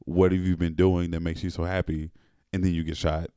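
Host, young man, very low dark voice, blunt, laughs a lot, dry close sound. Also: level tone, brisk, clean tone, no room sound. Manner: laughs often, blunt and profane. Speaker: podcast host. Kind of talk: casual chat.

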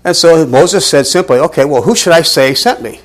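A man's voice: on the high side, normal speed. A man teaching a Bible study in a church, talking in a conversational and emphatic way.

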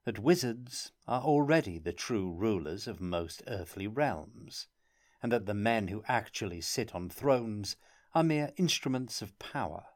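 A man voicing a mild, softly ironic young traveling player in an audiobook reading. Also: lowish voice. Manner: mild, soft-spoken, subtly ironic.

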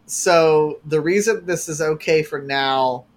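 A casual co-host talks through a recap at a middling pitch, cursing freely in an exasperated way. The delivery is a loose, rambling retelling between friends. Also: slow. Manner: profane, exasperated storytelling. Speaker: podcast co-host. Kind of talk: casual chat recapping a show.

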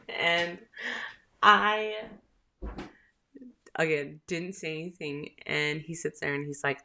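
Southern mom host, thirties, low slow chatty voice, gravelly fry, rambling storyteller. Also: female voice, bright, forceful tone. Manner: chatty, rambling, with filler words and laughs. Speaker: podcast host, mother. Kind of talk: casual storytelling.

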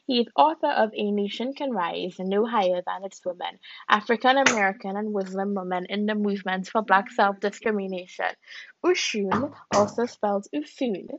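A woman hosts a podcast from a room in her home, reading aloud and musing chattily with plenty of "like" and "you know." Her voice sits in the mid range, and the recording is dry with a lo-fi quality.

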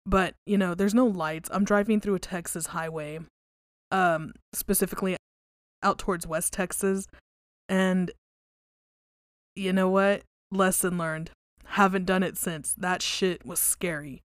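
A woman hosting a podcast, reading creepy stories aloud and then chatting casually, relaxed and conversational, with some swearing. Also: fairly low pitch, a little slow, long pauses, no room sound, clean studio sound.

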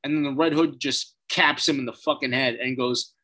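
A man's voice: mid-range voice, steady tone, brisk, bright, forceful tone, slightly rough. A man recapping a TV episode in a casual, blunt way, swearing and using plenty of fillers. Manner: blunt, profane, frequent fillers.

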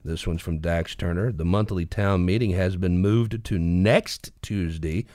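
A man's voice: low-pitched, measured pace, no echo, clean studio sound. Folksy man telling tales. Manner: folksy, animated storyteller who laughs often. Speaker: podcast host. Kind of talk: storytelling and local news roundup.

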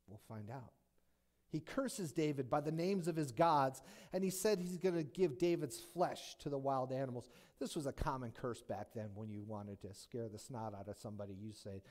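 A man preaches a sermon in an animated way, full of rhetorical questions and light jokes. His pitch swings widely, but it sits at a typical middle height for a man. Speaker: pastor.

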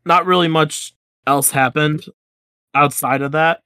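A man's voice: a little high, a little slow, clean tone, no room sound, clean studio sound. A young man in his twenties, co-hosting a podcast, telling a school story in a casual chat and acting out the dialogue. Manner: animated storyteller, acts out quoted dialogue. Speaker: podcast co-host.

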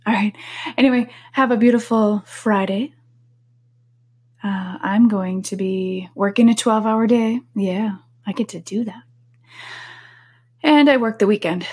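A woman hosting a casual solo podcast, talking candidly and sometimes dropping into a soft whisper. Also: medium pitch, husky. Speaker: podcast host.

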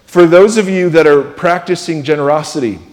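Conversational pastor in a reverberant hall. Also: male voice, a little high, a little fast. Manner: conversational, self-deprecating, swings from loud emphasis to hushed. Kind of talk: sermon. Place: church sanctuary.

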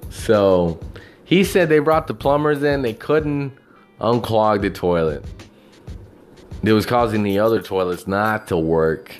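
A man's voice: fairly low pitch, a little slow, soft background music. A man talking to camera in a casual, rambling monologue, swearing often and filling his speech with "you know" and "like.". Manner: profane, meandering, full of fillers.

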